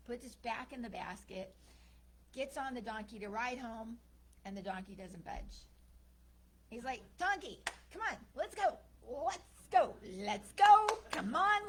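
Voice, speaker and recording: Gravelly-voiced woman telling a sermon story. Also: on the high side, slight background noise, low-quality recording. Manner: lively storyteller, acts out characters' lines. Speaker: minister.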